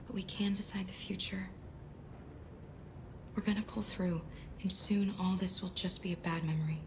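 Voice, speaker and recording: A woman plays a soft-spoken android caretaker in a story game, gentle and protective. A faint low rumble runs under her lines. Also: fairly even intonation, normal speed, close to an everyday voice. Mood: reassuring.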